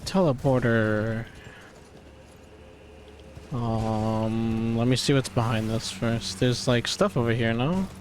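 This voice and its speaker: A man's voice: medium pitch, takes it slowly, long pauses, a little hiss or hum. A man streaming a game live, thinking aloud in a loose, profane way. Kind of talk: live gameplay commentary.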